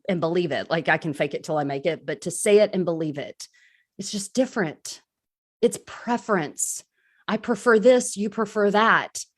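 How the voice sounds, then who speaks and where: A woman speaking in a candid, self-deprecating way, giving a casual recovery talk on a live stream as a crisis support speaker. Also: on the low side.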